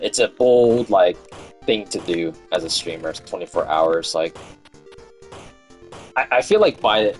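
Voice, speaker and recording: A man chatting casually through a game stream, his voice a little low and worn from hours of talking. He hums along and laughs easily as he goes. Faint game music plays quietly behind him. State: voice fatigue. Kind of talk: casual gameplay commentary.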